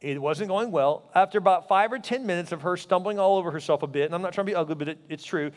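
A man's voice: sits high, fast talker. A middle-aged man preaching a sermon as pastor, telling stories animatedly and acting out the voices he quotes. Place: church sanctuary. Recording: long reverb of a church hall.

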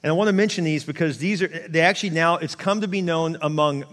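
A man's voice: on the high side, fast talker, a bit bright. A man preaching a sermon in a casual, conversational way, often restarting and acting out quotes in asides. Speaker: pastor. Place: large church hall. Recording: long hall reverb.

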